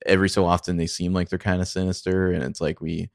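A man's voice: low voice, flat delivery, fast, vocal fry, clean tone, no echo. A man co-hosting a casual film review chat with wry, dry humor and repeated words. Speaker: podcast co-host.

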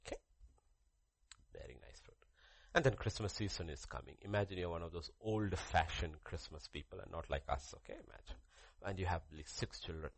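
A man's voice: low-pitched, a little fast, vocal fry, hardly any pauses, dry recording. A man preaching a sermon, repeating key phrases and putting questions to the congregation. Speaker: pastor.

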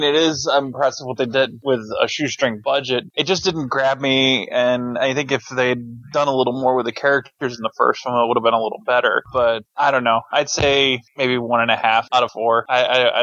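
Man, bright voice, animated co-host, dry muffled sound. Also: mid-range voice, no echo. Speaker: podcast co-host. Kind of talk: casual film review chat.

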